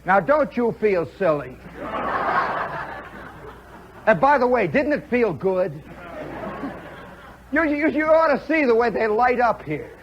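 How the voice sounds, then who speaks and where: Man, radio host, live storytelling, animated play-by-play, high-pitched, faint hiss. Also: unhurried, a crowd in the background. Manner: animated storyteller, mimics play-by-play, talks to audience. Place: live club show before an audience. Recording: dull 1960s radio broadcast recording.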